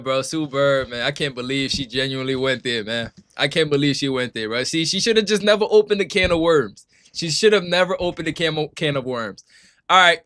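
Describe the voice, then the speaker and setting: A man's voice: fairly high pitch, bright, forceful tone, no room sound, studio quality. A man streaming casual reaction commentary, joking in slang and laughing often.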